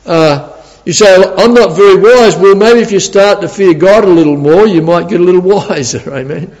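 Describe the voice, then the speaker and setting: A man's voice: sits high, normal speed, a little mellow, big-room sound, poor audio. A man preaching a sermon in a chatty, storytelling way, laughing often and repeating words as he goes.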